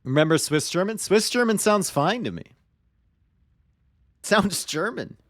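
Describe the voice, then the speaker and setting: A man's voice: high voice, lively intonation, unhurried, fairly bright tone, no room sound, clean studio sound. A man casting a strategy game match live on stream in a casual, joking way, cheering players on. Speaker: esports caster.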